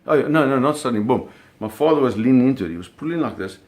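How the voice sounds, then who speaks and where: A middle-aged man casually telling a story, animated, with sound effects and acted quotes. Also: mid-range voice, fast talker. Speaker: storyteller recounting a fishing trip.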